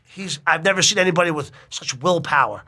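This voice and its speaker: A middle-aged man telling a long personal story in casual chat, animated and full of swearing. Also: fairly high pitch, fast.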